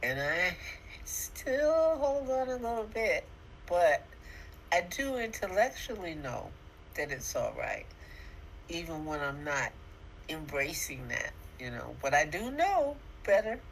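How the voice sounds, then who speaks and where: Low-voiced reflective woman in her sixties. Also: big pitch swings, unhurried, a bit bright, a little hiss or hum, rough recording. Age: 60s. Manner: reflective, affirming, emphatic. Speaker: podcast co-host. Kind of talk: casual chat.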